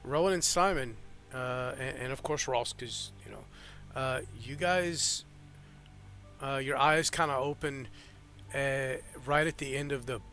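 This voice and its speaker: A man's voice: medium pitch, unhurried, sharp tone, soft background music. A man narrating as game master of a tabletop game, rambling with fillers and restarts.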